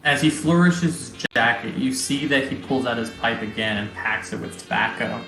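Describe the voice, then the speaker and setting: A man narrating as game master of a tabletop game, descriptive and halting with many pauses. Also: mid-range voice, steady tone. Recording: roomy recording, faint music.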